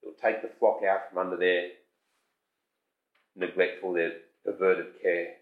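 A man preaching an expository sermon, emphatic, lifting his voice on lists and slowing down when he reads scripture aloud. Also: low voice, little pitch movement, phone-quality sound. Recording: roomy hall sound.

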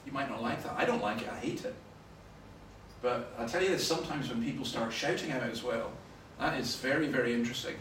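Scottish preacher telling stories animatedly. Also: male voice, medium pitch, fairly quick. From Scotland. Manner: animated storytelling, bursts of loud emphasis. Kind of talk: sermon with anecdotes. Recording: roomy, from far off, faint noise.

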